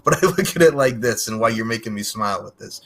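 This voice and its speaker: A man's voice: medium pitch, animated, quick pace, fairly bright tone. A man hosting a casual podcast interview, chatty and loose, laughing often and swearing casually. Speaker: podcast host.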